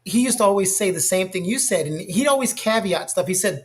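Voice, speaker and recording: Animated storytelling man, medium voice. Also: high-pitched, fairly quick. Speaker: co-host. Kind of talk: casual discussion.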